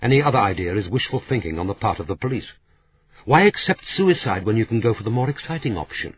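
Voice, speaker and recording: A man voicing a sharp, sardonic middle-aged woman who needles the others, as a narrator reading a novel aloud. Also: lowish voice, animated, fast talker, husky, pitched above the performer's own voice. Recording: tinny phone-like sound.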